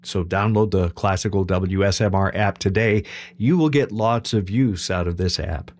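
A man announcing on a classical music radio station, relaxed and friendly with a slightly playful touch. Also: sits low, normal speed.

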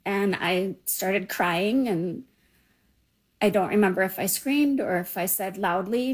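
A woman in her fifties telling a personal story in a quiet, emotional, reflective way. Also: mid-range voice, a little slow, husky, low-quality recording. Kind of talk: personal recollection.

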